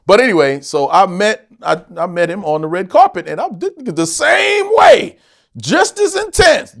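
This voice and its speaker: Middle-aged guy chatting in an interview, swears a lot, does little voices, laughs, super expressive pitch. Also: moderate pace, vocal fry. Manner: animated, swearing, acts out quotes in other voices, laughs often. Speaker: actor interviewed as guest. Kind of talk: casual interview storytelling.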